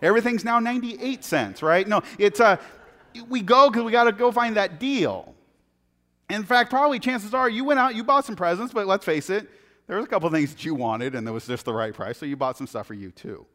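A man preaching a sermon, telling funny everyday stories in a chatty, animated way. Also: high-pitched, a little fast. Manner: conversational, animated, self-deprecating anecdotes. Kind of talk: sermon with humorous storytelling. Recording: long hall reverb.

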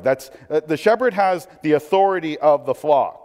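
A man preaching a sermon, swinging between emphatic points and hushed, conversational asides. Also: a little high, lively intonation, moderate pace. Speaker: pastor. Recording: long hall reverb.

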